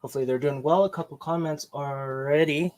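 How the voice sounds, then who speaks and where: A male podcast host in relaxed livestream chat, mid-pitched and loose, tossing out greetings to viewers between ums and uhs. His voice sits close and dry, with little room around it. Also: normal speed, dry recording. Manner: chatty and joking, greets viewers, many fillers.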